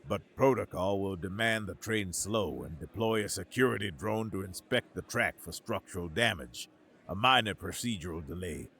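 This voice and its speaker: A man as a quiet, commanding human tactician. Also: deep voice, slightly rough, exaggerated voice. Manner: quiet, firm, measured.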